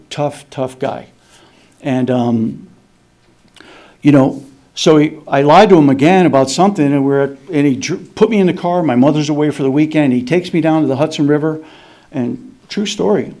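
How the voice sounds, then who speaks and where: Mellow-voiced man telling his recovery story. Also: on the high side. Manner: halting, repeats and restarts, slows for emphasis. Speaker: AA meeting speaker. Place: meeting hall.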